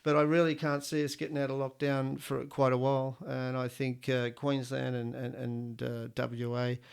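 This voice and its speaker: A man's voice: medium pitch, flat delivery, moderate pace, gravelly, clear, resonant tone. Crude, rambling Australian man. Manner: crude, swearing, rambling joke-telling. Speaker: podcast host. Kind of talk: casual solo podcast monologue.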